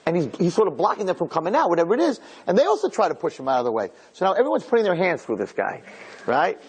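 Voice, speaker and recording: A man, a rabbi, telling an inspirational story to an audience in an animated way, repeating words for emphasis and mixing in Hebrew terms. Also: sits high, racing, slightly rough.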